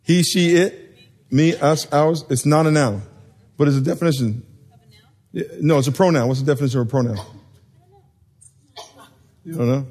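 A man's voice: on the high side, normal speed, pauses often, darkish tone. A man preaching a sermon to a live congregation, joking and quizzing the people in front of him. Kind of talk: sermon with call and response.

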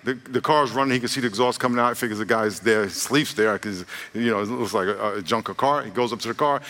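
Bright-voiced preacher in a reverberant hall. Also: male voice, fairly low pitch, fast. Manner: jokey, animated storytelling, acts out characters. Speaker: pastor. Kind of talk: sermon with storytelling. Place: church hall. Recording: long reverb of a church hall.

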